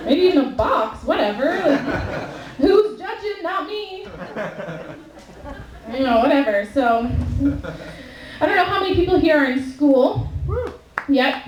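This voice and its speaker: A high-pitched young woman from Canada doing a stand-up set, talking in a chatty, profane way full of "like." Her voice fills a roomy club and sounds a little distant from the mic. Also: lively intonation, a little slow, long pauses, a crowd in the background. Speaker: stand-up comedian. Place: comedy club stage at a competition.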